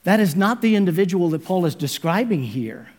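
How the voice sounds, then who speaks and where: Casting: male pastor, pitched a bit high, emphatic sermon delivery, speaks warmly to "friends". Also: lively intonation, fairly quick. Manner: emphatic preaching, addresses listeners as friends.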